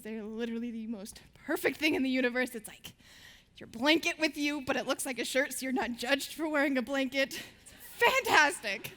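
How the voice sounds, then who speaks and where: A teenage student speaks on stage to a live audience, telling her stories with bubbly energy and laughing between lines. Her voice is high and fairly bright.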